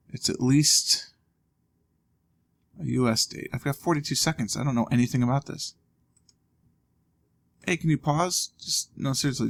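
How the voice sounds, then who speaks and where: Gravelly man mulling over a game. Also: medium pitch. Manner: thinking aloud, wry asides. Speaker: let's play host. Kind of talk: casual gameplay commentary.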